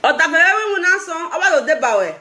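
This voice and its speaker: Lively high-pitched Nigerian woman vlogger. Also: racing, echoey room, a little hiss or hum. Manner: animated, scolding, laughing often. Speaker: live-stream vlogger. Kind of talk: casual live-stream commentary.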